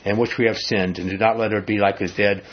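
A man's voice: fairly low pitch, fast talker, dull audio. A man leading a casual Bible study, talking in a conversational way and acting out the quotes he reads. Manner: animated, conversational, acts out quotes. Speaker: Bible teacher.

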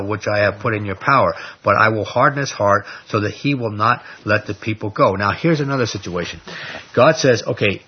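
A man teaching an informal Bible study, retelling scripture in a conversational, animated way with plenty of fillers. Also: fairly low pitch, breathy edge. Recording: dull lo-fi recording.

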